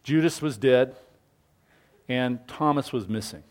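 A man's voice: medium pitch, a little slow. A middle-aged man preaching a sermon as pastor, telling stories with animation and acting out the voices of people he quotes.

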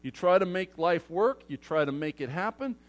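A man preaching a sermon to his congregation in a lively way, acting out crowd voices and moving from loud outbursts to hushed asides. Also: high voice, normal speed. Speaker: pastor.

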